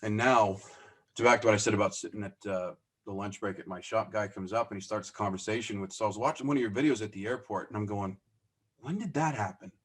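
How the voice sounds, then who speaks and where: Animated man telling stories on a podcast. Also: on the low side, fast talker. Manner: animated, acts out quoted dialogue; self-deprecating, laughs as he talks. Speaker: podcast guest, business owner. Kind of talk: casual storytelling interview.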